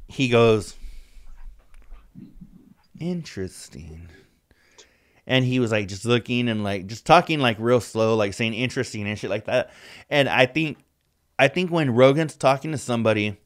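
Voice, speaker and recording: A man in the middle of a laid-back podcast conversation, his voice sitting at an ordinary everyday pitch. He rambles from one thought to the next, swears freely, and leans on "like" constantly as he tells stories. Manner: rambling, profane, heavy use of "like". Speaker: podcast co-host. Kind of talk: casual chat.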